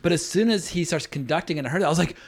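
A man hosting a podcast, chatting casually and enthusiastically about old films, laughing loudly and swearing now and then. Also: on the high side, very fast. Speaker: podcast host. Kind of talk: casual film discussion.

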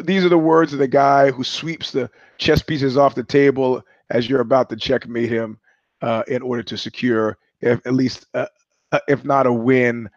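A man's voice: mid-range voice, dry recording, highs cut off. A man hosting a podcast, talking through a sardonic, rambling monologue with many restarts. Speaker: podcast host. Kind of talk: casual monologue.

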